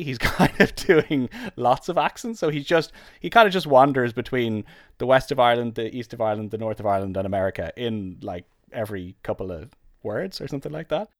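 A man's voice: mid-range voice, dry recording. Man chatting in an interview, rambly, keeps restarting, dry close mic. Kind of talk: casual interview answers.

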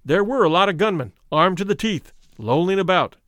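A man narrating a first-person memoir as an audiobook in a measured, solemn manner. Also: high voice, lively intonation, fairly bright tone, no room sound, studio quality.

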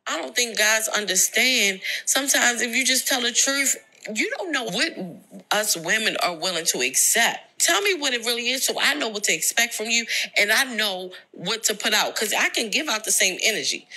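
A woman's voice: on the high side, bright, forceful tone, rough recording. A young woman telling a personal story in a frank, emphatic way, retelling an argument.

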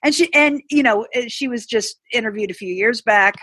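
A woman co-hosting a casual chat, talking in a meandering way with frequent pauses. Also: a little high, a bit bright, slightly rough, dry recording. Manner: meandering, many fillers and restarts. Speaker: podcast co-host.

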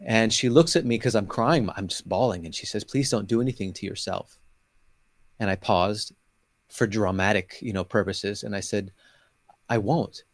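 A man's voice: medium pitch, no room sound. Earnest middle-aged man telling his testimony. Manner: earnest, emotional storytelling, acting out past dialogue. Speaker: interview guest. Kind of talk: personal faith testimony.

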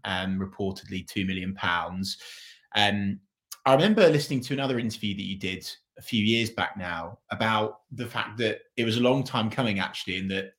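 Bright-voiced interviewer. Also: male voice, fairly low pitch. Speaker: podcast host. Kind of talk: interview questions.

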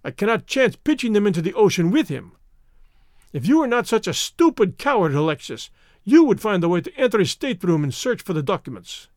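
A man's voice: high-pitched, very animated, unhurried, no echo, studio quality. A man reading the part of a surly, scheming Russian villain in disguise, with a clipped manner. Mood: furious.

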